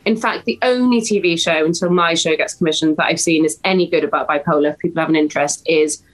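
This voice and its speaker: A woman, a podcast guest talking in a lively, emotional, animated way. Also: sits low, quick pace, low-quality recording. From West Wales. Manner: animated, emotional, acts out voices in stories. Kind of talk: casual podcast chat.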